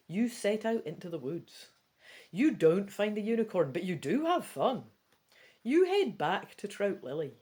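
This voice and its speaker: A woman with a Scottish accent reads a choose-your-own-adventure book aloud in a casual read-through. Her pitch sits in an ordinary middle range but swoops up and down with lots of life. She keeps breaking off from the text into quick, chatty asides. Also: mellow. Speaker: gamebook reader.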